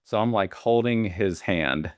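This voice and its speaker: Guy w a low voice, rambling beekeeper stories, lots of ums, dry sound. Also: measured pace, no echo. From Alabama. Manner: rambling, many fillers and restarts. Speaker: beekeeper guest. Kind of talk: casual interview storytelling.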